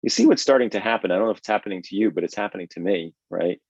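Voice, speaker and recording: A man's voice: on the low side, rapid-fire, a little mellow, husky, no echo. A man hosting a live drawing lesson, talking energetically and conversationally, often checking in with "right?". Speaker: drawing instructor and host. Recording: dull, lo-fi, dry stream audio.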